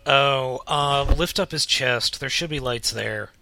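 A man's voice: mid-range voice, slow, sharp tone, slight background noise. A man co-hosting a casual podcast while sick with a cold, his voice congested and drowsy from cold medicine, talking in a laid-back way. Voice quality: gravelly, congested. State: has a cold, groggy from cold medicine. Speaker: podcast co-host. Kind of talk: casual chat.

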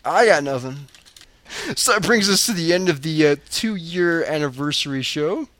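A man hosting a podcast, chatting in a relaxed way, laughing and trailing off with fillers. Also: fairly high pitch, normal speed, dry recording. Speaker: podcast host. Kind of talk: casual chat.

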